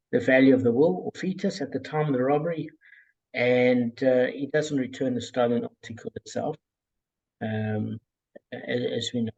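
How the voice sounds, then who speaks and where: A man with a gravelly, husky, medium-pitched voice leads a casual Talmud study group over a call. He talks in a laid-back, wandering way packed with fillers. The sound is lo-fi.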